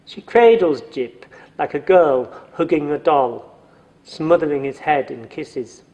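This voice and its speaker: Dry wry male storyteller, unhurried delivery, slightly raised pitch, long reverb. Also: mellow, muffled recording. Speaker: narrator. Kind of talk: scripted narration.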